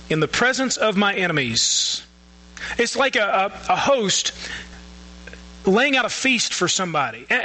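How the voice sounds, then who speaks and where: Pastor, male, earnest preaching delivery, bright tone, slight mains hum. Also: high-pitched, poor audio. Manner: earnest preaching with repeated restarts. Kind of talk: sermon.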